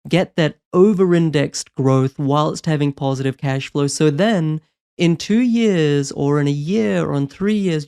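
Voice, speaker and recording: A man coaching on property investment, talking in an energetic, persuasive way and often checking in with "right?". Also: medium pitch, clear, resonant tone. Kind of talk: motivational advice talk.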